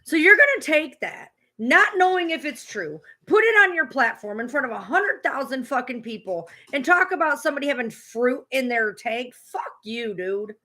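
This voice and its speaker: A woman's voice: sits high, very animated, moderate pace, hardly any pauses, pushed and bright. A woman streamer ranting at a clip she is reacting to, swearing hard and repeating herself. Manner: heated, swearing, repetitive. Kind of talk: profane livestream rant.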